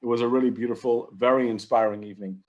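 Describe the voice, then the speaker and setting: A man from London, giving a measured, reflective talk over a video call. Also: medium pitch, fairly even intonation. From London, England. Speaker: guest lecturer rabbi. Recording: dull video-call audio.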